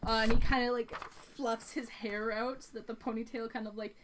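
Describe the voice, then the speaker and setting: A woman's voice: a little high, steady tone, normal speed, a bit bright, slight background noise. A woman narrating a tabletop game as game master, casual and rambling with many fillers.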